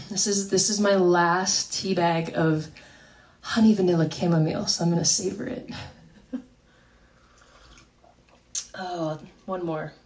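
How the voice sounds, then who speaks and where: A woman's voice: on the low side, fairly even intonation, slow pace, pauses often, a little mellow. A woman singer-songwriter chatting casually between songs on a livestream from home, talking in a self-deprecating way and laughing often. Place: home, by a fire. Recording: voice somewhat distant from the mic.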